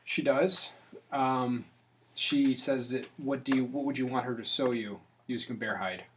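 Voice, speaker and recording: Guy running a tabletop game, middle pitch, rambly and jokey, faint hiss. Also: fairly even intonation, normal speed. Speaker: game master.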